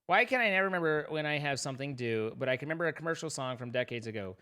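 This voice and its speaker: A man's voice: a little high, expressive, very fast, bright, forceful tone. Rambling joking man streaming a game. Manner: rambling, self-mocking joking to chat. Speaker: livestreamer. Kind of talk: casual gaming livestream chat.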